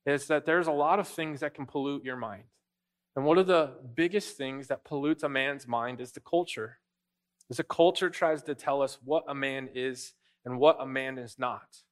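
A man's voice: medium pitch, normal speed. A man preaching a sermon as pastor, in a conversational way with frequent asides to the congregation. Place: church sanctuary.

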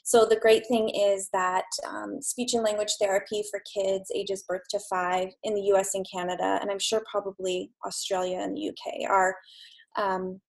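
A woman's voice: medium pitch, flat delivery, normal speed, creaky, rough recording. A woman in her thirties, a speech language pathologist, giving upbeat, reassuring advice in a casual podcast chat.

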